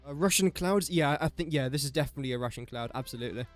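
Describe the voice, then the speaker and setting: A man's voice: mid-range voice, rapid-fire, soft background music. A young English man casually commentating his own live game stream, chatty and self-mocking, muttering guesses as he plays. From England. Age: young adult.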